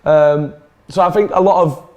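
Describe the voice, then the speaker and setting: Easygoing man with a slightly high voice. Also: steady tone, moderate pace, darkish tone, dull audio. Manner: easygoing, hesitant restarts, laughs along. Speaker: Burnley fan co-host. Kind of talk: casual match chat.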